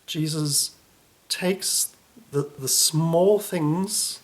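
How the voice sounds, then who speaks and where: A man delivering a reflective sermon, unhurried, often dropping soft and low at the ends of phrases. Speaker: preacher.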